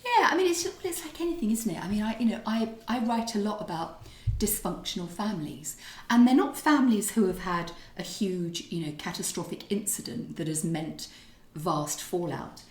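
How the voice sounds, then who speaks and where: A woman's voice: medium pitch, normal speed, hardly any pauses. A middle-aged woman talks in an easy, rambling storytelling way. She often doubles back and restarts. Her voice carries the echo of a roomy kitchen. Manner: chatty, warm storytelling with restarts. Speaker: podcast co-host and author. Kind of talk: casual chat.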